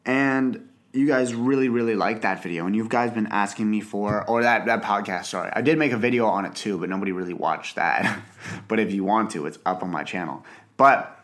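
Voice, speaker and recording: A man's voice: on the low side, a little fast, a bit bright. A young man hosting a casual solo podcast, rambling and self-deprecating, often restarting his sentences. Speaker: podcast host. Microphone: podcast mic, filmed for video.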